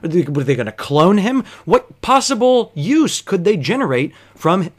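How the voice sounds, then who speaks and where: A man tells a comic story from behind the bar in an exasperated, disbelieving tone, swearing freely. His voice sits a little higher than most men's. He rants with mounting incredulity. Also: big pitch swings, moderate pace. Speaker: bartender.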